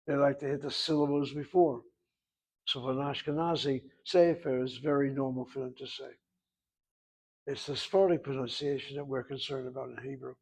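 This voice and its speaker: A man's voice: medium pitch, steady tone, fairly quick, a little mellow, breathy edge, low-quality recording. A man teaching a language class, patiently explaining at length and asking rhetorical questions. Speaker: Hebrew instructor.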